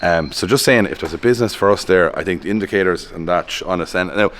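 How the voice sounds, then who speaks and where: A man hosting a casual car vlog with wry, deadpan jokes. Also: low voice, fast, a little hiss or hum. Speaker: show host. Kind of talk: casual chat. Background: music.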